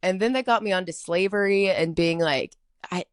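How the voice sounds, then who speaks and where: A woman's voice: on the low side, moderate pace, no echo, studio quality. A young woman from Atlanta hosting a solo podcast, telling a story in a chatty, rambling way full of "like". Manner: chatty, rambling, heavy filler "like". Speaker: podcast host.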